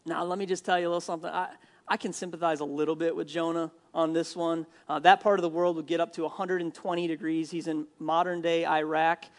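A male pastor from Minnesota preaching a sermon in a church, animated and jokey, acting out the people he quotes. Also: a little high, quick pace. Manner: animated, jokey asides, acts out quoted lines.

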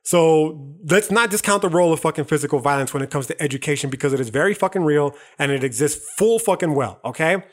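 A young man on a podcast, raging through a heated monologue that is thick with swearing and "dog". His voice sits a little high for a man. He comes from the United States. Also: fast talker, hardly any pauses. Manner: heated, profane, calls listener "dog". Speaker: podcast host. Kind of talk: profane, impassioned monologue.

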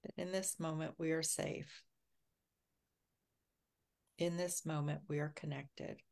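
A woman co-hosting a livestream, talking softly and calmly as she guides a grounding meditation. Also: low-pitched, creaky. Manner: slow, soft-spoken, calming. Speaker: co-host.

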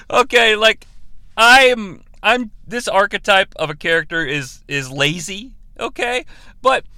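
A man hosting a podcast, giving a jokey, profane, animated movie review. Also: sits high, dry recording. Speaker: podcast host.

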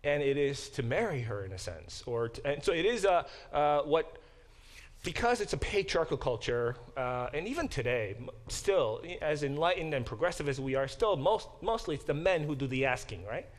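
A man's voice: a little high, normal speed. A man teaching a Bible class in a conversational lecture style, often acting out quoted speech and restarting his sentences. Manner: animated, acts out quoted speech.

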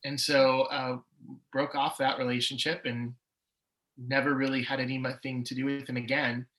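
A man in his forties speaks as a podcast guest, sharing his personal testimony with candor. His voice is bright and forward, with a middle pitch. His energy swings from quiet reflection to loud, excited retelling. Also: normal speed, poor audio. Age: 40s. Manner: candid, emotional storytelling with swings in energy.

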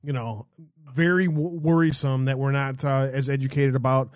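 A man's voice: mid-range voice, steady tone, a little mellow, no echo, studio quality. Loose, casual male call-in host. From United States. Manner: casual, loose, swears, halting. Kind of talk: call-in show chat.

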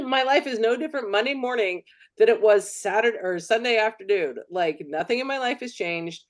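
A woman's voice: on the high side, a little fast. A woman co-hosting a podcast in casual chat, blunt and emphatic, swearing freely. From United States. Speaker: podcast co-host.

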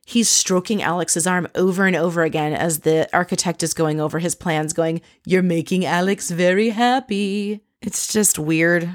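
A woman's voice: sits low, fairly even intonation, moderate pace, hardly any pauses, no echo, clean studio sound. A woman hosting a casual, chatty recap with wry, sarcastic asides. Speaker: podcast host recapping a reality show.

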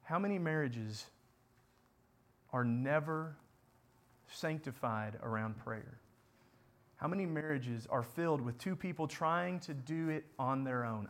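Impassioned male preacher, higher voice. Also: unhurried, pauses often. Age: adult parent. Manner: rising to impassioned repeated questions, dropping to quiet earnest prayer. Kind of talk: sermon.

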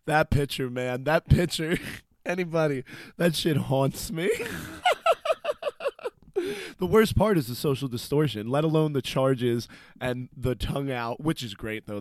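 A man's voice: medium pitch, lively intonation, normal speed, no room sound. A man working as a radio DJ, chatting casually between songs and telling a rambling story with laughter and swearing.

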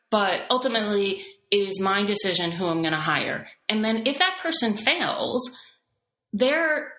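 Woman CEO guest, middle-aged, gravelly low voice, echoey room. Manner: animated, frequent restarts, laughs between points. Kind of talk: business podcast interview.

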